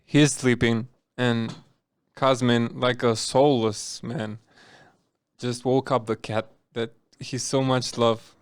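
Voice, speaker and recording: A man co-hosting a casual podcast, answering with defensive comebacks. His voice is smooth and crisp, and the room around him sounds dry and close. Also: medium pitch, little pitch movement, slow pace, no room sound. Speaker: podcast co-host.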